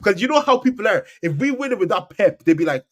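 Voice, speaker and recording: Animated young man, lively pitch. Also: quick pace. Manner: animated, stammering restarts, swings loud and soft. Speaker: podcast co-host. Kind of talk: casual football chat.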